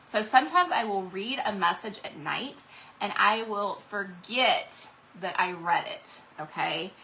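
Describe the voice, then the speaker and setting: Woman hosting a live craft stream, bright voice, rambling and chatty, faint noise behind. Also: mid-range voice, animated, a little slow, low-quality recording. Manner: rambling, chatty, reads out viewer comments. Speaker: craft livestream host. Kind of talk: casual livestream chat while painting.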